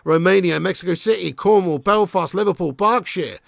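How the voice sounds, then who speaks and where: A man hosting a live football watch-along, sweary and ranting, bantering with viewers in the chat and shouting at chances on goal. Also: high voice, moderate pace, creaky, no echo, studio quality. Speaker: fan channel host.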